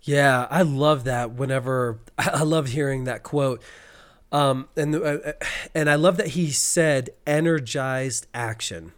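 A man co-hosting a podcast, telling an animated story and acting out frustrated cursing. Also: medium pitch, takes it slowly. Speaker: podcast co-host. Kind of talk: casual podcast chat.

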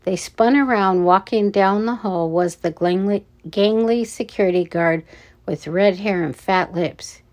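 A woman reading a children's adventure story aloud, with deliberate, measured narration. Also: mid-range voice, darkish tone.

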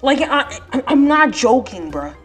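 A woman voicing a boastful, pompous boy podcaster who taunts his rivals in a brash, lively way. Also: high voice, unhurried, faint music behind. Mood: mocking.

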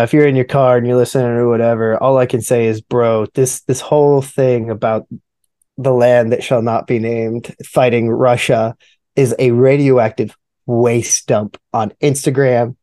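A man with a dark, mellow voice co-hosts a casual podcast. His banter is excitable and full of swearing. He keeps tossing in "dude" and "bro.". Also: mid-range voice, normal speed. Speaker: podcast co-host.

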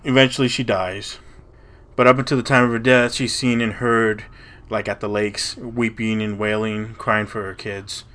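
A man's voice: fairly low pitch, level tone, moderate pace, fairly bright tone. A man co-hosting a podcast, casually retelling a legend in a loose, profane way, with frequent "you know" and "like". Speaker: podcast co-host. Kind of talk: casual storytelling chat.

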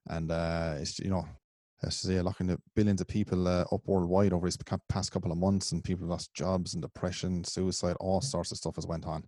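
A man's voice: deep voice, little pitch movement, brisk, dark tone, dry recording, studio quality. A man hosting an interview, agreeing with his guest and asking long, rambling questions. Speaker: podcast interviewer. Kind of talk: casual interview.

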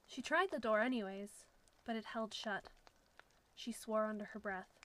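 A woman narrating a suspenseful story in a steady storytelling manner. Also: medium pitch, normal speed, low-quality recording.

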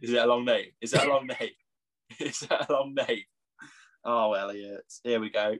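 A young English man trading banter on a podcast, mid-pitched and laughing a lot. He jokes, teases and keeps things easygoing. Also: fairly even intonation, moderate pace, fairly bright tone. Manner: jokey, laughs often. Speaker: podcast co-host. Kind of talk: casual chat.

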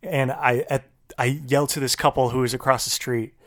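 A man co-hosting a casual podcast, recounting a story with lively self-quoting. The sound is dry and close to the mic. His voice sits at a middling pitch. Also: normal speed, no room sound. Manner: animated storyteller who acts out his own quotes. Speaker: podcast co-host. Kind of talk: casual chat, telling a story.

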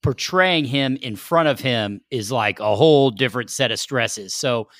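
Man co-hosting, asking quick questions. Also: mid-range voice, fairly bright tone, no room sound, clean studio sound. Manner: quick, interjecting with short responses. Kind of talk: casual chat.

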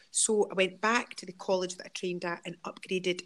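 Scottish woman telling lively stories. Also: on the low side, a little fast, few pauses. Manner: lively anecdotal storyteller, laughs often. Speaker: actress interviewee. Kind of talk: casual interview chat.

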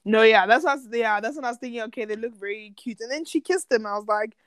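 A woman's voice: a little high, fast. A South African woman co-hosting a podcast, ranting bluntly and teasingly in a casual reality-TV recap chat. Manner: blunt, animated, teasing rants. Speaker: podcast co-host.

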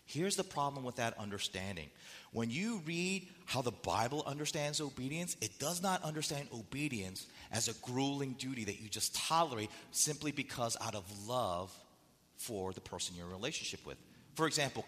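A pastor preaches a sermon in a conversational way, repeating his key phrases. His voice is mid-range with a fairly bright tone, and the recording carries long hall reverb.

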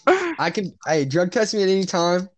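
High, animated young man, rambling. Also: fairly quick, lo-fi sound, a crowd in the background. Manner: rambling, hesitant, laughs a lot. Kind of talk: casual chat with friends. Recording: faint background noise.

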